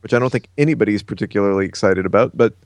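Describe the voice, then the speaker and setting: In a casual podcast, a male co-host reads news from his notes in a relaxed way, dropping frequent "uh" fillers. His voice sits on the low side and races along, with a slight hiss or hum in the audio.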